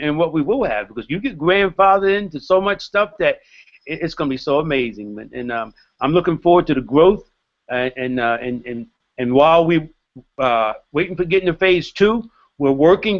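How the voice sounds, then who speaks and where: Brief: man with a slightly high voice, fumbling his words on a lo-fi call. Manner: hesitant, many fillers and restarts. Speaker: hangout participant. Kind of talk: casual pitch. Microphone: video call. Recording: dull lo-fi video call audio.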